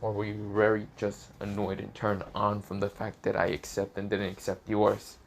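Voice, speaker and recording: A man voicing a smug young male mad scientist who teases in quick, cocky bursts. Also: on the low side, completely flat delivery, vocal fry, a little hiss or hum. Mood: teasing.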